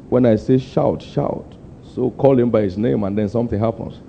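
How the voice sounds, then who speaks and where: An older man preaching a sermon, pushing his people for answers and climbing to sudden high, emphatic peaks. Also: fairly quick, creaky. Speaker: pastor. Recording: muffled lo-fi sermon recording.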